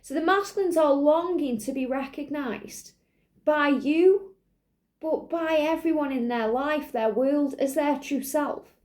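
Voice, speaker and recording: High, mellow-voiced woman giving a spiritual reading. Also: unhurried. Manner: earnest, reassuring, repeats phrases, frequent "you know". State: clearing throat, slight cough. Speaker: spiritual reader. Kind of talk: channelled tarot-style reading to viewers.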